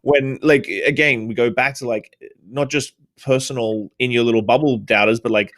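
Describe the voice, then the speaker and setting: A male podcast host on a video call, mid-pitched and easygoing. He asks long, looping questions, restarting phrases as he goes. The recording sounds dry and close. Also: steady tone, normal speed, fairly bright tone, no echo. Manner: casual, rambling questions with repeated restarts. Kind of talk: live-stream interview.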